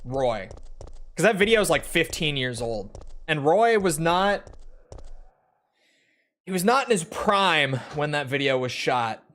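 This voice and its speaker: A man's voice: fairly high pitch, sing-song, measured pace, long pauses, a bit bright. A young man from Minnesota, streaming a game from his room and chatting with viewers in a rambling, profane, joking way. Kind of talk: casual chat with viewers while gaming.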